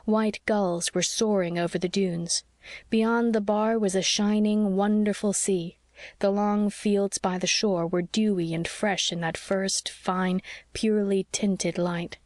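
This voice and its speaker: A woman narrating an audiobook in a calm, measured way. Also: mid-range voice, no room sound, clean studio sound. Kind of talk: scripted narration.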